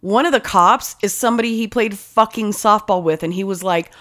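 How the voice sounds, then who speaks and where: Profane, animated woman telling a story. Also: mid-range voice, moderate pace, few pauses. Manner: heavy swearing, animated storytelling. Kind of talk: casual chat.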